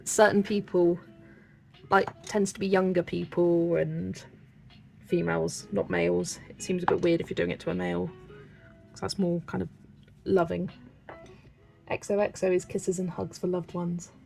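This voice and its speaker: A chatty young woman from Wiltshire with a faint West Country lilt, talking casually while she colours and laughing often. Her voice has a slightly gravelly edge, and soft music plays faintly behind her. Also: on the low side, level tone, normal speed, long pauses. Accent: West Country English, light. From Wiltshire, England. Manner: chatty, laughs often, reads chat aloud. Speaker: colouring channel host.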